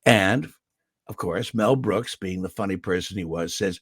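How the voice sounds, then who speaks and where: An older man, a veteran voice actor, telling stories in an interview with lively delivery and a throat he keeps clearing. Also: deep voice, measured pace, no echo, clean studio sound. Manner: animated anecdotal delivery with restarts. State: throat irritated, clearing it often. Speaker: voice actor guest. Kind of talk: interview storytelling. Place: home in California.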